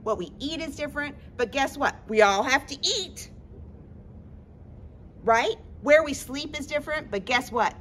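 A woman's voice: high voice, expressive, a little slow. A woman hosting a children's story-time in an empty library, talking in a playful, exaggerated sing-song way for kids.

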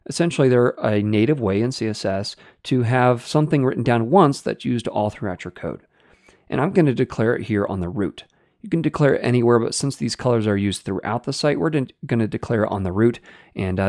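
A man explaining code step by step in a screen-recorded coding tutorial, in a steady teaching manner. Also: on the low side, brisk, no echo, studio quality. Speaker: web development tutor.

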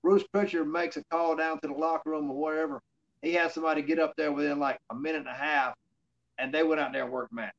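A man with a drawl tells stories as an interview guest. His voice sits a little high, and he acts out the lines other people said to him. The audio is slightly dull and lo-fi. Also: steady tone, fast, gravelly. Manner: rambling anecdotes with fillers, acting out quoted dialogue. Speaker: interview guest, former wrestler. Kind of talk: casual storytelling in an interview.

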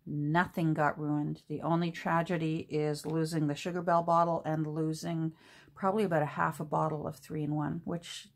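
Recorded on a camera mic at her work table, a middle-aged woman from Canada who vlogs about crafting talks casually and meanders as she works at home, with many ums and restarts. She has a low, level voice with vocal fry and a moderate pace.

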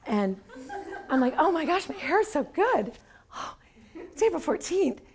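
A woman's voice: high voice, very animated, measured pace. A woman in her fifties telling a personal story at a lecture, animatedly acting out the quoted dialogue. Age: 50s. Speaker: lecture speaker. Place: lecture hall.

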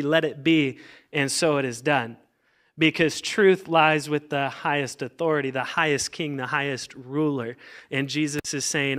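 Bright-voiced preaching pastor, man. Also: a little high, clear, resonant tone. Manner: preaching with emphatic call-and-response to the congregation; reads scripture aloud between explanation. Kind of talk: sermon.

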